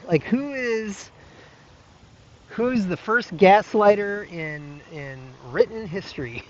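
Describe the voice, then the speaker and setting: Speaking to camera with a somewhat high voice, this male video blogger offers a sincere, thoughtful monologue full of false starts, filler words and the odd quiet chuckle. The audio is dull and carries slight background noise.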